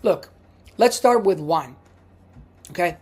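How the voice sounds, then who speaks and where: A man with an Italian accent teaching pronunciation in a video lesson, patient and repeating each word, with frequent "uh" pauses. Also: sits high, lively intonation, darkish tone, husky. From Italy. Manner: slow, patient, repeats words for practice; frequent hesitations with uh. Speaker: language teacher.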